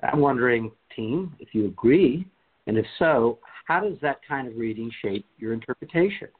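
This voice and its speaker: A man hosting a scripture discussion podcast, reading scripture aloud in a measured, deliberate way and leading the talk. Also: mid-range voice, lively intonation, breathy edge. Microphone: video call. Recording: tinny phone-like line.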